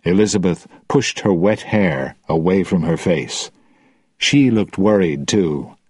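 A man reading a story aloud with slow, expressive narration. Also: low-pitched, slightly rough, no room sound, studio quality.

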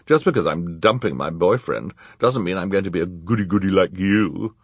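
A man's voice: deep voice, normal speed, slightly rough, no room sound, clean studio sound. A man voicing a vain, pouting fashionable woman in a storybook reading, in a raised, haughty voice. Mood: pouty. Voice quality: pouty, haughty.

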